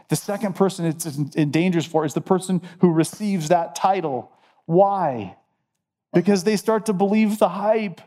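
A man's voice: high voice, normal speed, dark tone. A man preaching a sermon, earnest and emphatic, repeating phrases to drive points home. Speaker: pastor.

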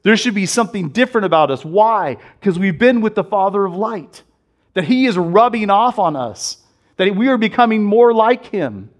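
A man's voice: high voice, lively intonation, normal speed. A man in his thirties preaching a conversational sermon, reading scripture aloud and telling stories about his young son. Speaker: pastor.

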